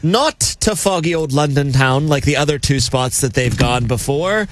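A man's voice: on the high side, lively intonation, normal speed, slight background noise. Playful sports radio man. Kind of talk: casual sports talk.

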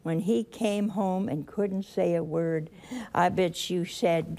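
Woman preaching a sermon, slow easy delivery, gravelly voice, keeps chuckling. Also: medium pitch, darkish tone. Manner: humorous, chuckling, addresses the listeners directly.

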